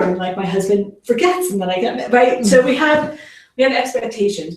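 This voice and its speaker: A woman's voice: fairly high pitch, expressive, moderate pace. A woman giving a casual workshop talk to parents as a parenting educator, chatty with lots of fillers and acting out the lines she quotes. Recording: very echoey room, mic far off.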